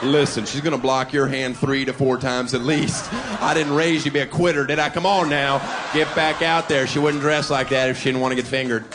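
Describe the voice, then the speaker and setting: A man's voice: mid-range voice, flat delivery, brisk, close to an everyday voice. A man doing a pushy pep-talking dad. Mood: urging. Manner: blunt, pep-talk urging. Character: pushy coaching father talking to his son. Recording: live club audience with noisy room.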